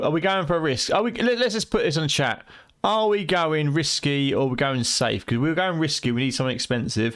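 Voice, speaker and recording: British male streamer, late-night banter, tired voice that is starting to go, cheeky and sweary, middling pitch. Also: fairly bright tone. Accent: British English. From United Kingdom. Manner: banterous, swearing, teasing chat viewers. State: tired, voice going. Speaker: game streamer.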